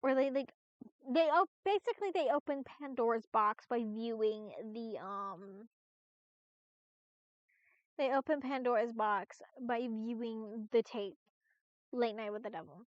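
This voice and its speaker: A woman's voice: on the high side, a little slow, pauses often, no echo. A woman streamer chatting casually on a live stream, rambling with lots of restarts and fillers and the odd swear. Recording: dull, lo-fi, dry stream audio.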